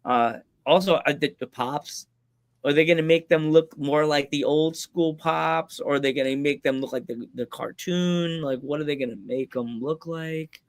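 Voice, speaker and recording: Podcast co-host, man, casual and jokey, quick to laugh. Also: on the high side. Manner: jokey, laughs a lot, does goofy voices. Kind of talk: casual chat.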